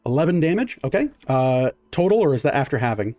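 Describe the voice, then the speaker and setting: A man's voice: mid-range voice, sing-song, fast, warm tone, soft background music. A man running a tabletop game as game master, narrating casually with lots of fillers and counting out dice rolls.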